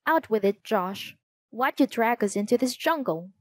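A woman's voice: a little high, lively intonation, normal speed, dry recording, lightly acted. A woman voicing a grumbling, skeptical young boy.

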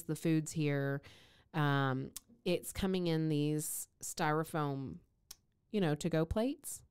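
A woman's voice: deep voice, darkish tone, clear, resonant tone. A young woman co-hosting a casual chat podcast, swearing and laughing as she reads romance novel passages aloud and acts out the dialogue. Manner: swearing, laughing, mock-dramatic when reading dialogue. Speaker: podcast co-host.

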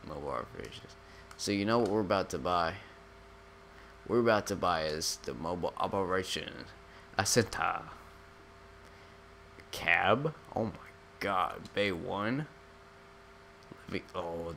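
A man's voice: sits low, creaky, fairly bright tone, slight background noise. A young man giving casual, joking gameplay commentary as a gaming YouTuber, rambling and slangy.

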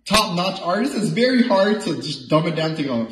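A man's voice: high voice, expressive, normal speed. A man hosting a live goalie mask auction stream, joking and pushing buyers in sales patter. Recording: echoey room, faint noise.

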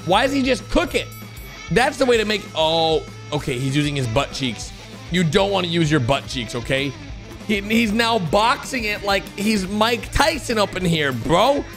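Excitable young man reacting, high voice. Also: moderate pace, faint music behind. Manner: animated, exclaiming, calls viewers bro. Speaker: gaming channel host.

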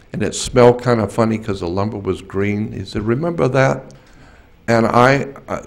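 An older man recounting a personal experience in a slow, halting way, circling back and restarting his sentences. His voice sits fairly low and has a gravelly, creaky edge. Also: a little mellow. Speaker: speaker at a symposium. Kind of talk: personal storytelling talk. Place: conference hall.

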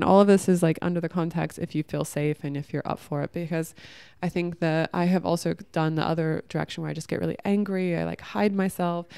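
A woman's voice: fairly low pitch, gravelly, a little mellow, smooth, no room sound. A young woman vlogger giving earnest, spiritual advice in a casual monologue, swearing freely.

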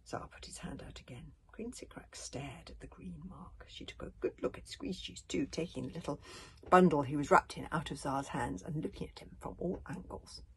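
A woman with a husky voice giving a hushed, breathy whispered storybook reading of a children's novel. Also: deep voice, normal speed. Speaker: reader.

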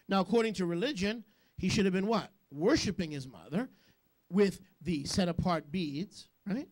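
A man preaching a sermon as a rabbi, joking with quick asides and questioning the congregation. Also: high-pitched. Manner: jokey, rapid asides, call-and-response questions.

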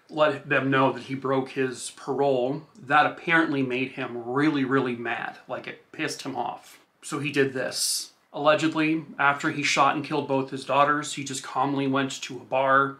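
A male podcast host narrates a true crime case in a relaxed, filler-heavy way. His voice is bright and forward, and sits in an ordinary pitch range for a man. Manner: loose, filler-heavy retelling with "like" and "I guess".

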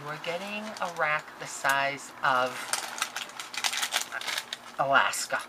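A woman vlogger opening crafting mail on camera, gushing, excitable and talking straight to her viewers and the senders. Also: sits low, slow, very noisy. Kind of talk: casual unboxing chat to camera.

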